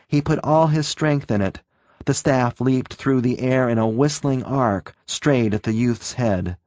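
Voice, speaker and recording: This male audiobook narrator delivers scripted narration in an even, measured manner. His pitch is medium, and the studio-quality recording is dry.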